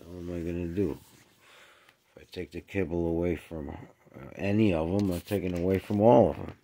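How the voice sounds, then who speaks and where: A sick, short-of-breath man at home with his cats, cooing to them in a raised voice and otherwise muttering low in casual chat. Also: steady tone, fairly quick, warm tone. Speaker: cat owner filming his pets.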